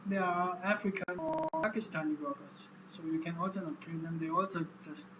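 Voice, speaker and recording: A man vlogging in a casual monologue, speaking haltingly and repeating words as he explains. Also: high voice, expressive, noisy background.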